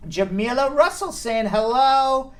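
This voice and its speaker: A man's voice: very high voice, expressive, measured pace, a bit bright. A man with a Long Island New York accent hosting a casual live talk show, upbeat as he reads out viewer names and greetings. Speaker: host.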